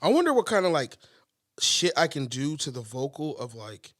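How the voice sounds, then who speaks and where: A man co-hosting a casual comedy podcast, rambling, profane and animated, laughing often, on a podcast mixer mic. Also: on the high side, moderate pace, crowd noise. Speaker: podcast co-host.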